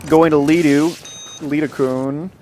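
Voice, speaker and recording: An excitable man calls a video game match live with a fairly high voice. He jokes and reads out viewer comments between plays. Faint game gunfire is heard behind him. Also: a little slow, slight background noise. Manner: excitable, jokey, reads viewer chat aloud. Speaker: esports commentator. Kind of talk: live esports play-by-play commentary.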